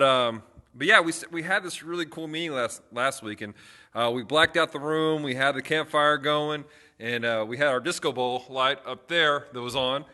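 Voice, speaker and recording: Bright-voiced young man telling stories. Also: medium pitch. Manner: chatty storytelling with frequent fillers and restarts. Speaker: youth pastor. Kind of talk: casual livestream chat.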